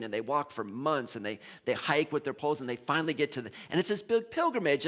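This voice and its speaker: A middle-aged male minister giving a conversational sermon, telling the story in an animated way and often repeating and restarting his words. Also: fairly high pitch.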